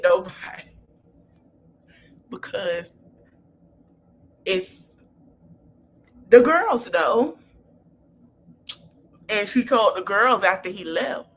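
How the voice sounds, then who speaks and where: A woman's voice: medium pitch, slight background noise. A woman hosting a podcast, retelling reality-show scenes in a chatty, gossipy way. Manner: chatty gossipy retelling with African American Vernacular English. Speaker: podcast host. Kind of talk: casual reality-TV recap.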